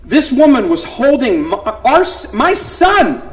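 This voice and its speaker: A man performing a one-man comedy show on stage, telling animated stories and acting out voices of his family. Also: very high-pitched, slow. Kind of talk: stand-up storytelling. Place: theater stage before a live audience.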